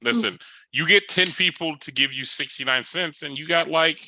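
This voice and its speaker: A man's voice: on the high side, normal speed, creaky, pushed and bright, no room sound, low-quality recording. A man co-hosting a podcast, teasing the others in a playful, slangy way. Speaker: podcast co-host. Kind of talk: casual podcast chat.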